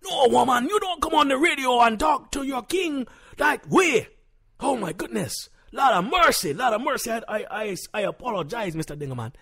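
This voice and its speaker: A man's voice: mid-range voice, animated, moderate pace, slightly rough. Man doing Edward, a hot-tempered Jamaican husband. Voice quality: broken grammar, preachy and repetitive. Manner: flares into shouting. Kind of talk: comedy radio call-in sketch.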